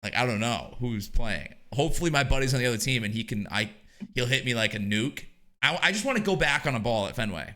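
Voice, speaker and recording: A young man, co-hosting a casual podcast and telling stories in an animated way, swearing and laughing often. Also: mid-range voice, fast talker. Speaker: podcast co-host.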